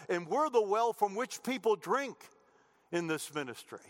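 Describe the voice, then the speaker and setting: A man's voice: sits high, lively intonation, a little slow. A middle-aged male pastor preaching a sermon earnestly, repeating phrases and restarting as he goes. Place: church sanctuary. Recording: long hall reverb.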